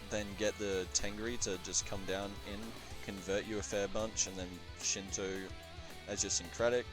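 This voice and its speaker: Swearing excitable gamer guy, lowish voice, guitar music loud behind him. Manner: profane, excitable, chanting at times. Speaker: gamer in multiplayer session. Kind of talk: casual gameplay commentary.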